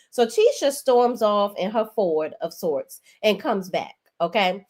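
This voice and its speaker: A woman's voice: medium pitch, lively intonation, unhurried, few pauses, darkish tone. A woman hosting a reality TV recap, talking in a sassy, profane, emphatic way. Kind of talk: casual profane commentary.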